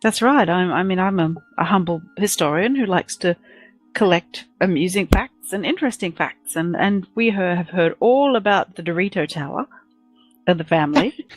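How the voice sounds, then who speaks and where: A woman's voice: on the low side, expressive, moderate pace, no room sound, soft background music, low-quality recording. A woman playing a character in a tabletop game, speaking in a polite, slightly formal way. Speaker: player.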